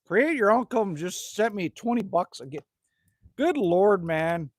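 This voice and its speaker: A man's voice: sits high, lively intonation, a little slow, no echo. A middle-aged man from Canada hosting a casual live stream outdoors at his rural cabin, ranting, joking and greeting viewers by name. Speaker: livestream host.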